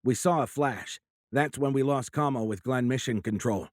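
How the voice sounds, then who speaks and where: A man's voice: medium pitch, moderate pace, no echo, studio quality, pitched above the performer's own voice, close to an everyday voice. A man playing a formal military officer. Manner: formal, respectful, confused. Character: earnest male Air Force lieutenant colonel.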